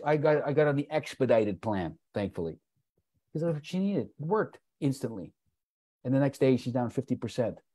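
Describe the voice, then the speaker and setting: A man's voice: fairly high pitch, mellow. A man on a video call telling a wellness sales story in a folksy way, often calling his listeners "folks" and acting out the people in it. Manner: folksy, repeats "folks", acts out quotes. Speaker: wellness product presenter.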